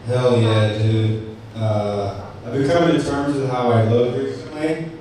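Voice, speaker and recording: A man's voice: medium pitch, steady tone, measured pace, warm tone. A man doing a rambling, self-deprecating stand-up set at an open mic, with lots of ums and restarts. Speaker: stand-up comic. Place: cafe open mic, indoors. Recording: very echoey room, distant mic, faint noise.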